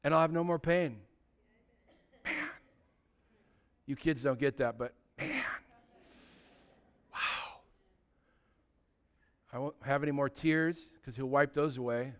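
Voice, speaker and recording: A man preaching a sermon, reading scripture and telling casual stories, swinging between loud proclaiming and quiet confiding asides. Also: medium pitch, expressive, slow, long pauses. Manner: casual storytelling with fillers.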